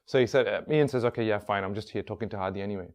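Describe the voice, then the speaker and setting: A man telling a long story in a casual, spoken way, dropping his voice quieter when he quotes people. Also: fairly low pitch, rapid-fire. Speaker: workshop speaker.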